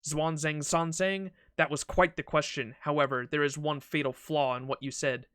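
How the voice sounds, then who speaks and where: A man's voice: a little high, fairly even intonation, moderate pace, fairly bright tone, clear, resonant tone, dry recording, studio quality, lightly acted. A man reading a proud ancient pharaoh king in a game, with a pompous, regal, mocking delivery.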